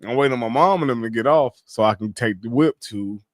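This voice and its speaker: A man on a casual livestream, telling his life story in animated slang, swearing freely. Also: medium pitch, fast, no echo, studio quality.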